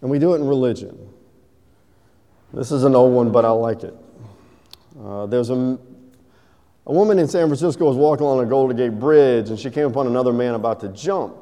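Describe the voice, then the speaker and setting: Male preacher, warm and mellow, big hall echo; jokey then solemn. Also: medium pitch. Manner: joke-telling, then slow and solemn. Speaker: pastor. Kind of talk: sermon. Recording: echoey hall reverb.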